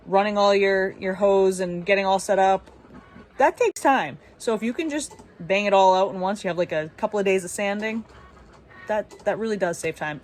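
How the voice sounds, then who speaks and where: A young woman who does woodworking and runs a small business talks casually to her camera from her small shop. She's chatty and upbeat, often laughing at herself, in a medium-pitched voice with a little hiss or hum.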